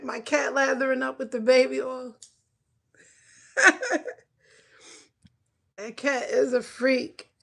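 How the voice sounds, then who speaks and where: A woman at home livestreaming and chatting casually with her viewers, loud and joking, cursing and talking back to the chat. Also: high-pitched, little pitch movement, normal speed, gravelly, hardly any pauses.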